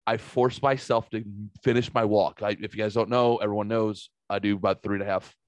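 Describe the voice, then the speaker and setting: A man in his forties, a podcast host telling casual stories in an animated way, swearing freely and jumping higher when excited. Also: brisk, no room sound. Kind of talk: casual storytelling chat.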